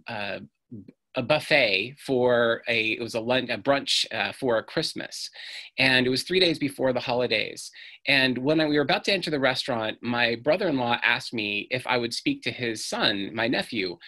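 A middle-aged man with a medium-pitched, sharp-toned voice gives an earnest storytelling talk on stage, acting out the voices he quotes.

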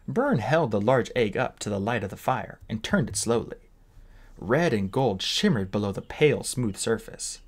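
A man reading a fantasy novel aloud as an expressive audiobook narrator. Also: fairly low pitch, moderate pace. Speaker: audiobook reader. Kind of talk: storybook narration.

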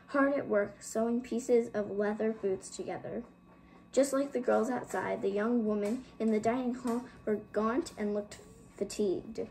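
A woman's voice: medium pitch, poor audio. Woman reading a storybook aloud. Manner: steady reading with occasional slips and restarts. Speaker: audiobook reader. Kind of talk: storybook narration.

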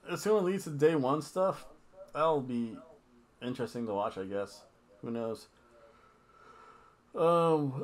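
A man's voice: mid-range voice, lively intonation, slow, pauses often. A man hosting a casual wrestling review, talking in a rambling, offhand, jokey way with asides. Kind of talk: casual wrestling recap chat.

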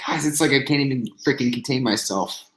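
A man's voice: mid-range voice, a little fast, fairly bright tone. Pained man groaning through a livestream. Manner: groaning, sighing and swearing between remarks. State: in pain from a burned hand. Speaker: vlogger host. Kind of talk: casual livestream chat to viewers. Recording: echoey room, faint noise.

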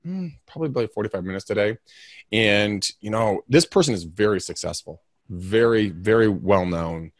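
Male interview guest, low voice, dry close sound, emphatic and rambling, gets louder when fired up. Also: moderate pace, no echo. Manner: energetic, rambling, emphatic, with self-mocking asides. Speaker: realtor and podcast co-host, interview guest. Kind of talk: candid interview storytelling.

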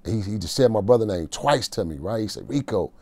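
A man guest in an interview, telling a gritty jail story in casual street slang, often going quiet. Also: lively intonation, fairly quick. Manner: street slang, emotional prison storytelling, drops to a low murmur.

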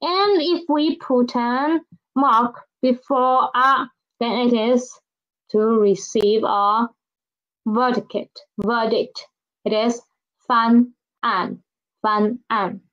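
A woman's voice: fairly high pitch, steady tone, takes it slowly, dull audio. A woman teaching a pinyin lesson, repeating each word and asking learners to read after her. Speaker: Chinese language teacher. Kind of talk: slow classroom pinyin lesson.

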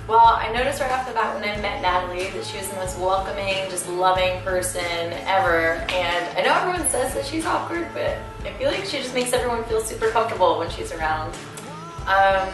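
A young woman giving a gushing, giggly birthday message to a friend, with lots of "um" and "like". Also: medium pitch. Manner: gushing, giggly, full of fillers. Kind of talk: casual birthday video message. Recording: very echoey room, far from the mic, music playing.

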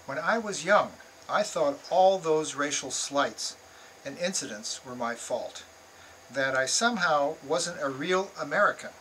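An older man reading aloud from his own memoir in a measured, earnest way. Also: fairly high pitch, lively intonation, a bit bright, a little hiss or hum, low-quality recording.

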